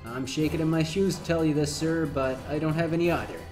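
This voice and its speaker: A man's voice: fairly high pitch, fairly quick, a little mellow, faint music behind, natural voice. A man doing a fussy, bumbling henchman. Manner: fussy and overly polite. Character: bumbling male henchman soldier.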